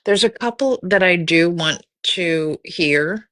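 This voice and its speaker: A woman's voice: fairly low pitch, slow pace, a bit bright. A woman hosting a live stream in casual chat, yawning and rambling, candid and free with swearing. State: sleepy, yawning. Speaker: livestream host.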